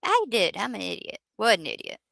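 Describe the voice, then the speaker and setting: A woman's voice: medium pitch, moderate pace, gravelly, bright, forceful tone, no room sound. A woman hosting a casual livestream, chatting with viewers in a rambling, self-mocking way. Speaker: livestream host.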